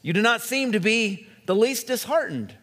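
Man playing a kindly king, gentle, encouraging, slightly high voice, echoing hall. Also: expressive, normal speed. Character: kindly king speaking to a flower. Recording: long echoing hall reverb.

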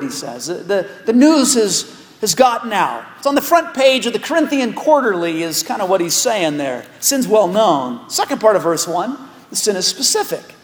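Man, pastor, high voice, animated sermon with jokes, echoey church hall with long reverb. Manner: animated, joking asides, repeats words.

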